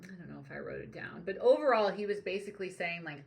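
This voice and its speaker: Woman, young adult, leadership coach doing solo commentary; deep, fry-heavy voice, reflective with lots of "like" and "um.". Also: animated, quick pace, darkish tone. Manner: reflective, analytical, frequent "like" and "um". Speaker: leadership coach and podcast host. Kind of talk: solo commentary on current events.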